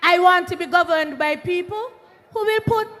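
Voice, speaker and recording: A young woman speaking at a political rally. She stirs up the audience with call-and-response, then gives a deliberate, formal address. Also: very high voice, a bit bright, long reverb tail. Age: young adult.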